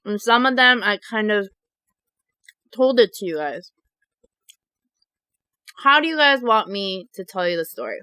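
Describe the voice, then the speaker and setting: Bright, giggly woman vlogger. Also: medium pitch, measured pace, long pauses, smooth, dry recording. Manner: animated, giggly storytelling. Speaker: mukbang vlogger. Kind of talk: casual chat reading viewer confessions.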